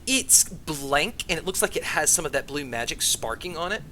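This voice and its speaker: A man's voice: fairly high pitch, lively intonation, moderate pace, pushed and bright, a little hiss or hum. A man narrating as game master of a tabletop game, in a loose, hedging way.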